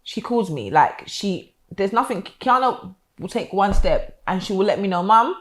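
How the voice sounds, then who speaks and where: A young woman, a podcast co-host and mother chatting casually and telling animated stories about her daughter. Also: mid-range voice, normal speed. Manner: animated storytelling, acts out her daughter's lines. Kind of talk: casual chat.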